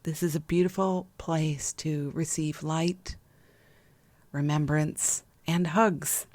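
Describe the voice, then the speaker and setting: A woman hosting a gentle spiritual podcast, talking in a slow, soothing and affectionate way with soft laughs. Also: low voice, steady tone, no room sound. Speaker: podcast host and intuitive healer. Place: home room with window open.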